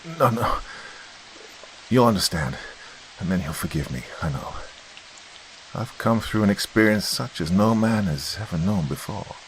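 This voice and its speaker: A man's voice: lowish voice, lively intonation, measured pace, long pauses, slight background noise, low-quality recording. A man voicing a distraught, commanding traveler from the past, speaking with an odd, unfamiliar accent. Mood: tense, imperious. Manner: imperious, distraught. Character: shaken, haughty man from the past.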